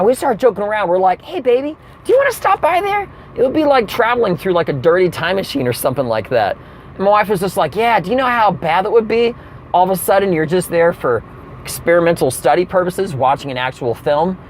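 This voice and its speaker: A comedian with a high-sitting voice rattles off a comic rant at a quick pace, acting out the people he quotes. There's slight background noise.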